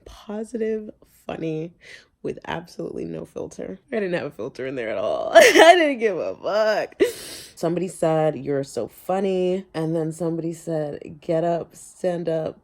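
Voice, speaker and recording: A woman's voice: on the low side, vocal fry. A young woman vlogging casually from her car, rambling with lots of fillers while reading notes aloud. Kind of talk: casual reminiscing vlog.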